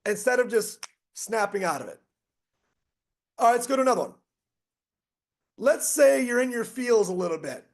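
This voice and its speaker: A man's voice: very high-pitched, lively intonation, moderate pace, long pauses. A middle-aged man presenting a motivational online strategy session, emphatic and repetitive as he rattles off lists. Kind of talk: motivational webinar talk.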